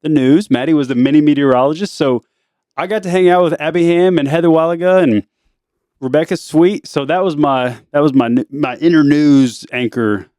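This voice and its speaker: A man's voice: a little high, normal speed, a little mellow, no echo, studio quality. A man hosting a family podcast as the dad, chatting in a casual, teasing way with a mock news-anchor flair.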